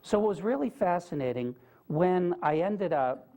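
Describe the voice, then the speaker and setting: A man's voice: high voice, animated, normal speed, mellow. A man giving a talk to a live audience, telling stories in an earnest, conversational way and putting questions to the listeners. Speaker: guest speaker. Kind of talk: storytelling lecture to an audience. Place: lecture room with a live audience.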